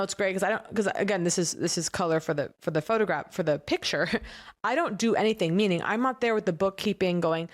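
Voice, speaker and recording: Animated woman telling a story. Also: mid-range voice, fast talker. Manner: animated storyteller, acts out what others said. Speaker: podcast co-host. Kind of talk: casual chat.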